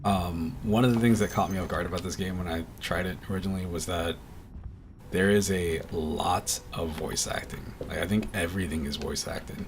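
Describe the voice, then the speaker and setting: Deep-voiced rambling streamer man. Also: normal speed, noisy background. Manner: rambling, with many fillers and restarts. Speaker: game streamer. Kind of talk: casual streaming chat while playing.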